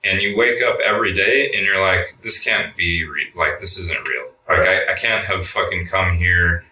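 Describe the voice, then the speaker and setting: A man's voice: low voice, moderate pace, pushed and bright, recorded from a distance. A young man telling a story in a laid-back interview, cursing a lot and saying "like" all the time. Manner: laid-back, swears a lot, says "like" often. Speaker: guest. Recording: roomy sound, mic set back.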